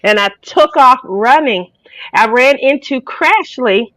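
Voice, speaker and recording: A woman hosting a crafting channel tells stories in a casual, emotional way, close to tears at times. Her voice sits a bit high, and the recording is dry and close. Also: animated, slow, fairly bright tone, dry recording, poor audio. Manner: emotional storytelling, tearful. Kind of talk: casual chat.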